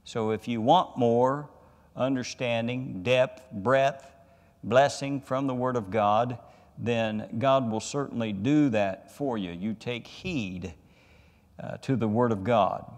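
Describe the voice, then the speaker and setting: A male pastor preaches in a slow, measured way, with pauses between phrases. He reads scripture deliberately and presses his key points with emphatic rises. His voice carries a long reverb from the church hall he speaks in. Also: mid-range voice. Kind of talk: Bible study sermon. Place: church sanctuary.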